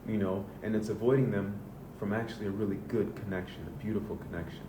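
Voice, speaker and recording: A Southern US men's coach speaks fast and steadily, delivering a casual, earnest motivational monologue full of swearing. He's recorded from a distance in an echoey room with a rumble in the background.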